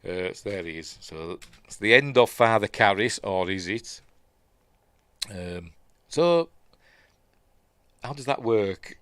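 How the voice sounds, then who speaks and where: Rambling Yorkshire man, low dry voice. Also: expressive, slow pace, pauses often, fairly bright tone, clear, resonant tone, dry recording. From Yorkshire, England. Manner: rambling, many fillers and restarts. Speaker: film review host. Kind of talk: casual watch-along commentary.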